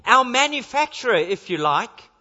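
Here a pastor's very high voice sounds sharp and very animated, moving at normal speed through an earnest church sermon. He keeps driving points home with repeated rhetorical questions. Long church reverb hangs over a dull, lo-fi recording.

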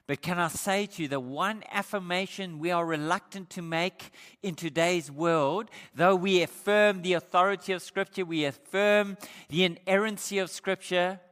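A male pastor preaching an emphatic sermon, slowing down to stress key points. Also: high voice, fairly bright tone, clean tone. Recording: echoey hall.

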